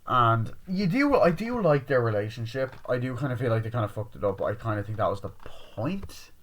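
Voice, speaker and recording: A man's voice: mid-range voice, sing-song, brisk, a bit bright. A man giving a casual spoken movie review, rambling and profane, with many restarts.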